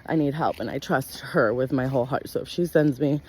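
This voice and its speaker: A woman's voice: a little fast, slightly rough. Blunt, candid woman telling her story. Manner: blunt and profane, with frequent "like" fillers; animated, jumps in pitch when acting out her own past words. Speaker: wellness practitioner sharing her life story. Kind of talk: candid personal storytelling to camera.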